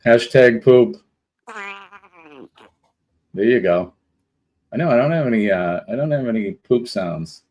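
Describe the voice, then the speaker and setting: A man's voice: fairly low pitch, lively intonation, moderate pace, a little mellow, muffled recording. A man hosting a casual live stream, greeting viewers one by one in a rambling, chatty way. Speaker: livestream host.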